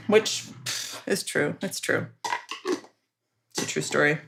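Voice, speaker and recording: A woman's voice: low voice, slow pace, creaky, fairly bright tone, a little hiss or hum. A young woman hosting a stream from home, chatting casually and giving playful, coaxing commands to her dog. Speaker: livestream host. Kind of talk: casual chat while training a dog.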